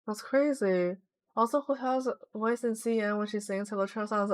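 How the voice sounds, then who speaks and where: A woman's voice: medium pitch, fairly even intonation, normal speed. A woman streaming a game, chatting casually and giggling as she reads viewer messages aloud. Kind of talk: casual livestream chat.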